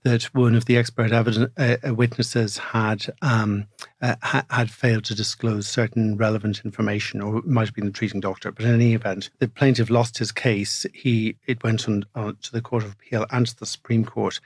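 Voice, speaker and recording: A man's voice: lowish voice, flat delivery, fairly quick, breathy edge, no echo. A man co-hosting a legal podcast in a studio, explaining cases hesitantly with many restarts. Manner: hesitant, with frequent restarts and stammers. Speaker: podcast co-host, barrister. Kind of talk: casual legal podcast chat.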